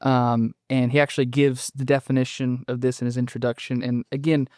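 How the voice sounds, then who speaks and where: A man's voice: medium pitch, level tone, brisk, darkish tone, dry recording, clean studio sound. Thoughtful male podcast guest. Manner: thoughtful, explanatory, frequent ums and restarts. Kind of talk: casual conversational interview.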